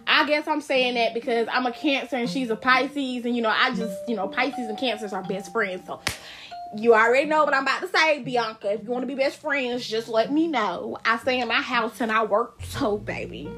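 With faint music in the background, a young woman runs a casual solo podcast, addressing her listeners directly in a chatty, informal style. She speaks fairly quickly in a voice on the high side.

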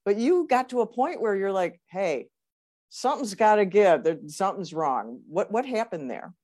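A woman's voice: medium pitch, sing-song, moderate pace, a little mellow. A woman hosting a conversation, empathetic and encouraging toward her guest. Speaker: host. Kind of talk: conversational interview.

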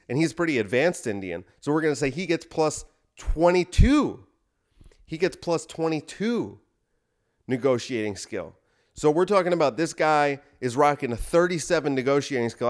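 A man's voice: medium pitch, lively intonation, moderate pace. A man hosting a podcast, delivering a rambling, self-deprecating comic monologue. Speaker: podcast host.

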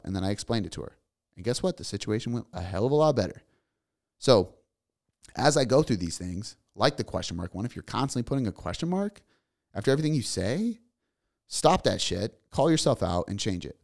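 A man's voice: on the low side, vocal fry, a little mellow. A man in his thirties hosting a solo motivational podcast, talking bluntly and emphatically in repeated lists, with casual swearing. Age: 30s. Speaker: podcast host.

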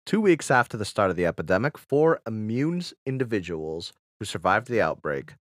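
A man's voice: on the low side, very animated, moderate pace, no echo, studio quality. A young man co-hosting a casual podcast, joking, swearing and stumbling while reading aloud. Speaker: podcast co-host. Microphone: studio mic.

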